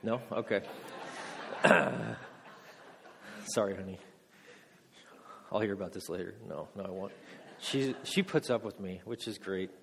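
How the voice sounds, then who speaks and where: A man's voice: low-pitched, moderate pace, gravelly, pauses often. Joking man teaching in an echoing hall. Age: adult. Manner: joking, self-deprecating, quizzes the audience. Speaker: pastor teaching a congregation. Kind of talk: teaching sermon. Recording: long echo of a large hall.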